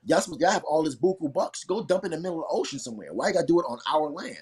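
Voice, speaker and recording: A man's voice: fairly high pitch, lively intonation, very fast, darkish tone, breathy edge. A man guesting on a casual talk show, talking heatedly and bluntly in a ranting manner.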